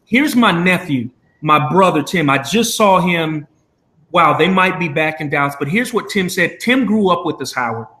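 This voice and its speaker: A man's voice: on the high side, lively intonation, normal speed, bright, forceful tone, roomy sound. A man hosting a live video chat, talking earnestly and rambling with many fillers. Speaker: show host.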